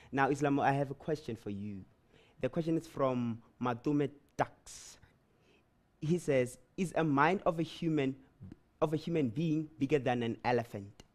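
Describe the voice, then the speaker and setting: A man's voice: medium pitch, a little mellow. Upbeat male live-show co-host. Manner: upbeat, addresses viewers directly with restarts.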